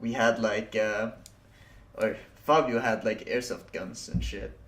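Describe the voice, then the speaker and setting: A man's voice: on the low side, fairly even intonation, measured pace, fairly bright tone. A young man co-hosting a podcast, telling stories in a casual, laughing, swear-heavy way and acting out his own past reactions. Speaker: podcast co-host. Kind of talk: casual chat. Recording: echoey room.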